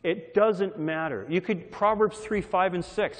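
A man's voice: sits high, a little slow, few pauses. A man preaching a sermon, repeating phrases to drive a point home and shifting his emphasis often. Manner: repetitive call-and-response phrasing, varied emphasis. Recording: long reverb of a large hall.

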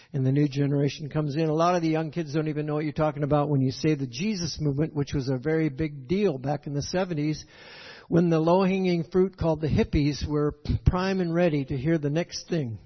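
Folksy older man preaching in a hall. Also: on the high side. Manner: folksy, rambling, keeps asking "right?". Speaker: pastor. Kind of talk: sermon. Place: church sanctuary. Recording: echoey hall, dull lo-fi sound.

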